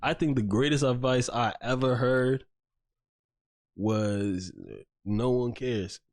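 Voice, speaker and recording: A man's voice: mid-range voice, slow, a little hiss or hum. A young man co-hosting a podcast, chatting casually with slang and frequent laughs. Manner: laid-back, laughs often, slangy. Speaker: podcast co-host. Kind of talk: casual chat.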